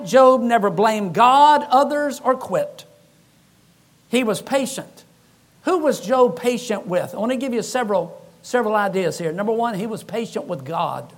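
A man's voice: very high voice, fairly bright tone. A man, a pastor, preaching a sermon in a church with emphatic, repetitive phrasing and touches of humor.

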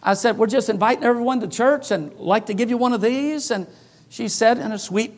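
A pastor with a high voice preaches to his congregation. He tells his stories in an animated way and acts out the voices of the people in them. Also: fairly quick. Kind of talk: sermon storytelling.

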